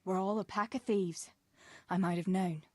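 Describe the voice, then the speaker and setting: A woman's voice: medium pitch, fairly even intonation, moderate pace, a little mellow, no room sound, studio quality, close to an everyday voice. Plain-spoken young miller's daughter voiced by a woman. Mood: curt.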